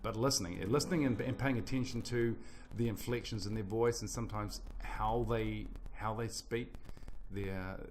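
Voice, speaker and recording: A New Zealand man, a singer and guitarist, answering interview questions in a soft, quiet, unhurried way with a New Zealand accent. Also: on the low side, fairly even intonation, soft background music.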